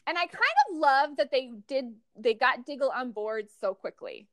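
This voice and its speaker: A woman co-hosting a casual fan podcast, chatty and animated, with lots of fillers and restarts. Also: high voice, normal speed, no room sound, studio quality. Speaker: podcast co-host. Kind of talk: casual fan podcast chat about a TV show.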